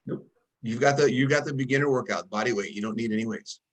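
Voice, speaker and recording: A man, a coach hosting a video call interview, giving short directives and quick affirmations. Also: medium pitch, poor audio. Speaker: coach and host.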